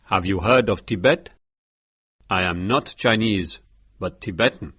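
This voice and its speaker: A man with a British accent voicing an old male Tibetan lama in an audiobook, speaking in a slow, measured and solemn way with a husky tone. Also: low voice, a bit bright, no room sound, voice pushed down, full character voice. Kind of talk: audiobook character reading.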